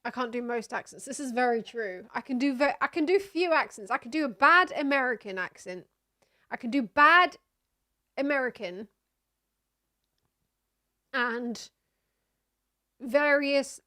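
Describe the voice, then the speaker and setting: A young woman streaming, chatting casually while reacting to videos, laughing often and letting out loud disgusted exclamations. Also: fairly high pitch, animated, unhurried, long pauses.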